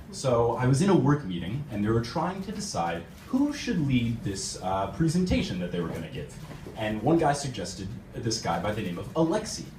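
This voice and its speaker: A young American man performs stand-up in a club, and his voice swings widely in pitch as he tells his stories. He keeps breaking into laughter at his own jokes. The sound is roomy and a little distant, with faint room noise underneath. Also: darkish tone. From United States. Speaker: stand-up comedian. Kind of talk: stand-up set. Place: comedy club stage.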